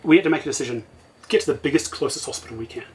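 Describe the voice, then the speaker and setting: A man's voice: medium pitch, animated, racing, slight background noise, rough recording. A middle-aged man, a guest recounting events casually and vividly, often acting out what he said at the time. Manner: vivid retelling, often quoting himself. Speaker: interview guest. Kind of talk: casual storytelling.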